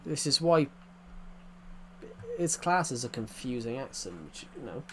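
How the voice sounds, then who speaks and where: A young Englishman with an English accent talks casually while he streams a game. His voice sits at an ordinary middle pitch. He rambles along, repeats phrases and restarts sentences as he goes. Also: lively intonation, unhurried, fairly bright tone. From England.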